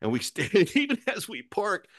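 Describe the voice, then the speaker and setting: This man's voice sits high and moves at a moderate pace, recorded with studio quality and no room sound. As a podcast guest, he rambles through an anecdote, cursing, interrupting himself, and animatedly performing the other people's lines.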